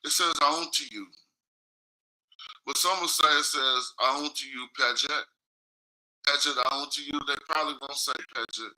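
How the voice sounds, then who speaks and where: A man's voice: on the high side, fairly even intonation, moderate pace, long pauses, sharp tone, poor audio. A man streaming in casual talk, reading from his screen and explaining loosely while checking in with viewers. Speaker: streamer in a played clip.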